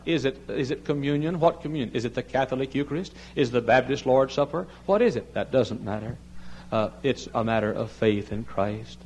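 Older man as a pulpit preacher, a dramatic sermon that swings from hushed appeals to loud cries, at times away from the mic. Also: mid-range voice, muffled recording. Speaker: pastor. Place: large church sanctuary.

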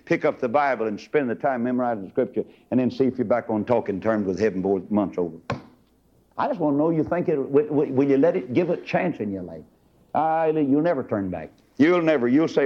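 A man preaching an old-time sermon, dropping to low murmurs and leaping to high shouting bursts. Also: very animated, brisk, highs cut off.

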